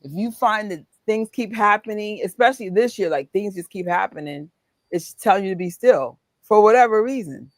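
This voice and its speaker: A young woman, chatting casually as a co-host and telling animated stories with frequent laughter. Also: medium pitch, moderate pace, no room sound. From New York. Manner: animated storyteller, laughs often, acts out exchanges. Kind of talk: casual chat.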